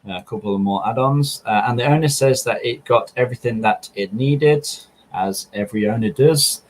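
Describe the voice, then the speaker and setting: A young man answering viewer car questions in a relaxed, rambling chat, full of ums and restarts. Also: lowish voice, normal speed, poor audio. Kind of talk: casual chat.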